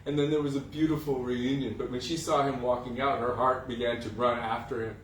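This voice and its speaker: A man telling a devotional story to a gathering in an animated way, acting out the voices of the characters. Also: mid-range voice, fairly quick, a little hiss or hum. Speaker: spiritual teacher. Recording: roomy echo, distant mic, faint ambience.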